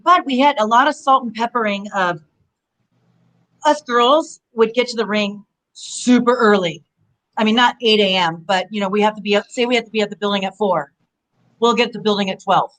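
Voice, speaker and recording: A woman in her forties talks as an interview guest in a middle-pitched voice. She rambles through animated stories and leans on "you know" as she goes. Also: moderate pace, rough recording. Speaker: guest, former pro wrestler. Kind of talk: casual interview storytelling.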